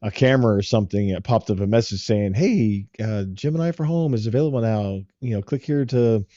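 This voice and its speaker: A man co-hosting a tech podcast in casual, relaxed chat, rambling with fillers. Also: lowish voice, brisk, dry recording, dull audio. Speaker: podcast co-host.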